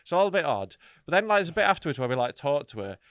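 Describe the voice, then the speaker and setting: Comedy podcast co-host, man, bright, animated storyteller, dry close mic. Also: on the high side, rapid-fire, smooth, no echo. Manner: sweary storyteller, acts out quotes. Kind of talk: casual comedy podcast chat.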